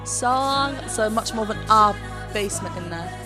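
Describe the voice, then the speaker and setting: A woman's voice: medium pitch, steady tone, a little fast, over music. A woman vocal coach giving a reaction and analysis commentary, explaining technique and breaking into short sung demonstrations.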